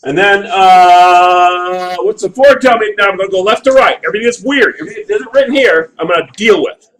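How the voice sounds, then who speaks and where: The recording is low quality, and the man speaking has a high voice and a fairly quick delivery. Teaching a math class, he animatedly talks through graphs and checks in with students, asking them to confirm as he lectures.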